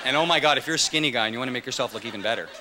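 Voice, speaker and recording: A man performing a stand-up comedy set on stage, animated and swinging into loud high-pitched voices for his characters. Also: racing, crowd noise. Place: comedy club stage with a live audience. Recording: live stage recording with loud audience noise.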